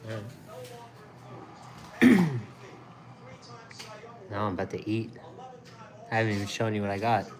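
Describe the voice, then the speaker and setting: A young man chatting casually as a food review vlogger, rambling and excitable, restarting his sentences often. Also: lowish voice, measured pace, long pauses, crowd noise. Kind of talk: casual chat.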